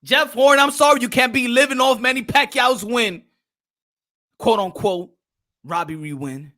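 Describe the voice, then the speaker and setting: A man hosting a casual live-stream chat who jokes, teases and laughs a lot. His voice is high and bright. He speaks at an unhurried pace. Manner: joking, laughing, teasing. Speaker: boxing podcast host.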